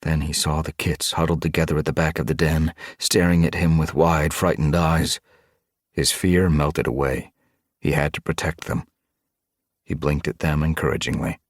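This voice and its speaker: A man narrating an audiobook with expressive, dramatic storytelling. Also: very deep voice, normal speed, no echo, studio quality. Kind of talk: scripted narration.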